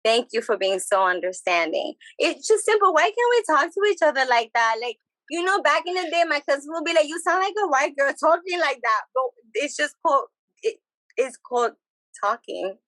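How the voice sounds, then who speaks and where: Lively bilingual woman, bright voice. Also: high voice, normal speed, dry recording, rough recording. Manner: animated, switches between English and Spanish, repeats phrases. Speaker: podcast guest. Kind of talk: casual chat.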